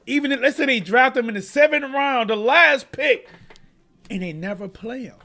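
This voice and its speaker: A man's voice: extremely high pitch, animated, moderate pace, sharp tone, faint music behind. A man hosting a live sports commentary stream, talking straight to his viewers in a heated, impassioned way. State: choking up. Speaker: sports commentary channel host.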